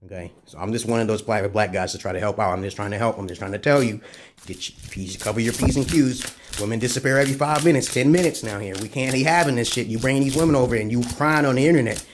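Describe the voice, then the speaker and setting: A man's voice: fast, slight background noise. A man vlogging a rambling, profane monologue of dating advice, full of swearing, agitated outbursts and repeated "right?" and "okay?" asides. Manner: agitated, pitch jumping up when worked up.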